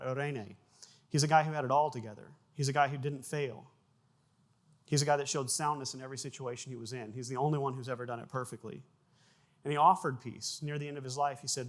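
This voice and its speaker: A man preaching a sermon as pastor, in a conversational way with frequent restarts. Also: mid-range voice. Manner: conversational preaching with restarts, bursts of loud acted sound effects.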